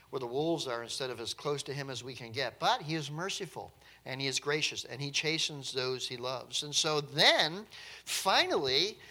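A man's voice: a little high, pushed and bright. A man preaching a sermon in a conversational, emphatic way, with light chuckles now and then.

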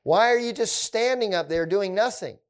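A man voicing a boastful giant warrior who mocks and challenges his enemies with loud calls. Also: sits high, normal speed, pitched above the performer's own voice, natural voice. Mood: taunting.

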